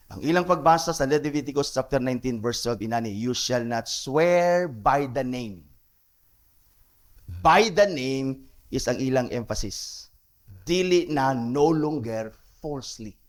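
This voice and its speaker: A man's voice: medium pitch, animated, normal speed. A man with a Cebuano Filipino accent preaching a sermon as pastor, mixing English and Cebuano and repeating key phrases for emphasis.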